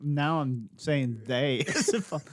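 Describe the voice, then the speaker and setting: A man's voice: fairly high pitch, lively intonation, slow pace, dry recording, clean studio sound. A man co-hosting a podcast, trading crude jokes in casual banter. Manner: joking, crude quips. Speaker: podcast co-host.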